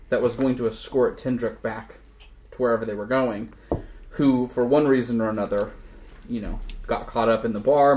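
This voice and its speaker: A young man tells the story of a tabletop session in a lively, joking way, full of slang. His voice sits in an ordinary middle range. He carries the story with an easy, animated flow. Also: mid-range voice, slight background noise. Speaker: podcast host recapping a game session. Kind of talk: casual storytelling recap.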